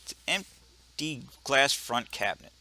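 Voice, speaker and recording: A man voicing a sardonic gentleman cat burglar in a put-on British accent, deadpan and wry, for a video game. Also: mid-range voice, normal speed. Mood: dry. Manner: dry, deadpan, wry asides. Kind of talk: video game voice-over reading.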